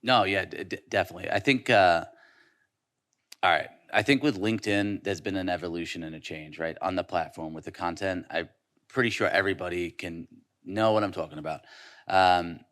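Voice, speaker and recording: A man's voice: low voice, a bit bright. A man speaking casually on a conference panel, conversational, with frequent fillers and restarts. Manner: conversational, quick hooks, many fillers and restarts. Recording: live conference session.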